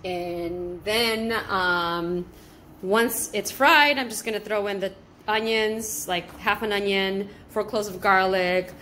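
A woman's voice: medium pitch, fairly even intonation, slow, a bit bright, a little hiss or hum. Chatty woman from Southern California, cooking. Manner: chatty, swears freely, switches between Spanish and English. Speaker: home cooking vlogger. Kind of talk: casual cooking vlog chat.

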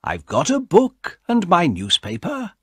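A small, quiet gentleman muses to himself in a slow, lively voice with a husky edge, as the male narrator speaks his thoughts. The sound is dry and close. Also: high voice, no echo, pitched above the performer's own voice, heavily acted. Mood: content. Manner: mild, slightly irritated inner voice. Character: small, quiet, fussy middle-aged Englishman.

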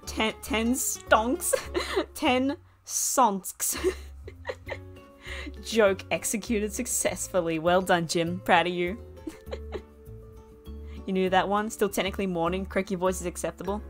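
A woman's voice: medium pitch, slow, long pauses, soft background music. A woman streaming a game live, chatting casually with her viewers, laughing often and swearing freely. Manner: giggly, swears freely, chats with viewers while playing.

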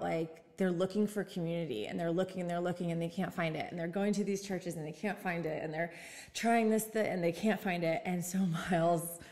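A woman, a pastor co-hosting a faith podcast, telling stories with quick asides and light laughs. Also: lowish voice, darkish tone, in a large hall. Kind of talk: casual faith podcast chat.

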